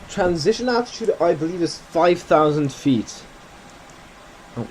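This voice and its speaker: A man's voice: fairly high pitch, animated, unhurried, a little hiss or hum, poor audio. A man giving casual commentary while playing a flight simulator, thinking aloud and correcting himself as he goes.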